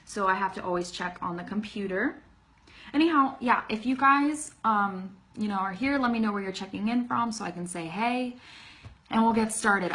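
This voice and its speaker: A woman's voice: mid-range voice, fairly bright tone. A woman with a Californian accent leads a casual English lesson on a live stream. Her talk is loose and chatty, full of "um"s and restarts. Her voice rises and falls as she leans on certain words. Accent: Californian American English. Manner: chatty and informal, lots of fillers and self-corrections. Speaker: English teacher. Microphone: phone.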